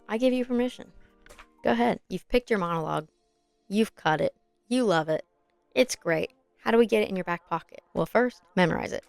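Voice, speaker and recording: A young woman podcast host coaches actors in a friendly, encouraging tone and walks through examples step by step. Her voice is smooth and clear, recorded close and dry, with faint music underneath. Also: mid-range voice, dry recording. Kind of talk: casual instructional podcast talk.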